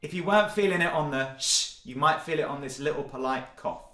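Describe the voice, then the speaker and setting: A man leading an online singing warm-up, encouraging and cheerful, often breaking into loud demonstration sounds. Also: fairly high pitch, brisk, echoey room. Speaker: singing workshop leader. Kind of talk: online vocal warm-up session.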